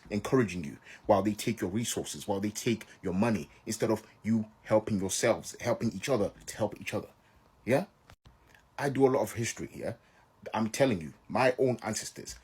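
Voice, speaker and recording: Low husky African man ranting. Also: a little mellow. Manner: emphatic, repeats "yeah?" and "right?". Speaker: commentator. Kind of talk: opinion monologue.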